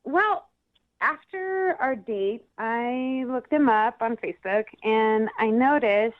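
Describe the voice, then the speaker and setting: A woman's voice: on the high side, lively intonation, takes it slowly, dry recording. A woman on a phone call to a radio show, talking hesitantly with restarts. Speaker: caller on a radio phone segment. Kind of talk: phone conversation. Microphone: telephone. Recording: tinny phone line.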